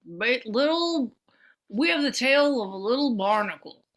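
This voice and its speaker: A woman's voice: fairly high pitch, animated, normal speed, fairly bright tone. A woman co-hosting a podcast in casual chat, blunt and playful, swearing casually. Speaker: podcast co-host.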